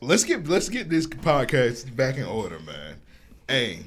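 A man's voice: medium pitch, huge pitch swings, a little slow, breathy edge. A man co-hosting a podcast, chatting loosely and laughing often between lines. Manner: laughing, loose banter with frequent "bro". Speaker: podcast co-host. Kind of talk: casual chat. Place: home studio.

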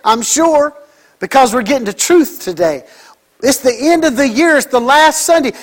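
A middle-aged male pastor preaching a sermon, swinging between loud emphatic lines and soft, drawn-out ones. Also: extremely high pitch.

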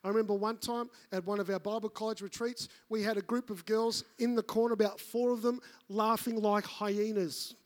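Male pastor, high voice, storytelling sermon delivery. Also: normal speed, few pauses. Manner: animated, acts out voices in his stories.

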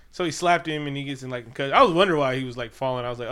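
A man co-hosting a casual chat, recapping a movie scene by scene in a profane, animated way and acting out the characters. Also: medium pitch, very fast, hardly any pauses, clean tone. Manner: animated, profane, acts out characters while retelling. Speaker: podcast co-host.

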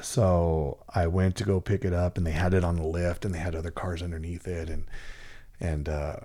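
A man's voice: deep voice, little pitch movement, normal speed, mellow. A middle-aged man from Central California telling a story in casual chat, rambling and profane, with lots of fillers and restarts.

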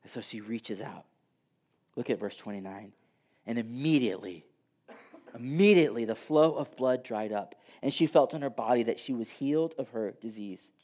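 A man preaching a sermon who swings from loud, emphatic passages down to soft near-whispers. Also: mid-range voice, expressive, normal speed.

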